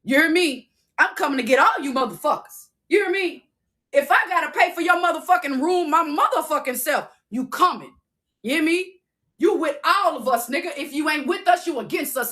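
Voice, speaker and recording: A high, bright woman's voice, ranting on a phone livestream. Her delivery is fiery and profane. She keeps pressing listeners with the same challenge again and again. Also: lively intonation, normal speed. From Southern United States. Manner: fiery, profane, keeps asking "you hear me". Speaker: livestream host.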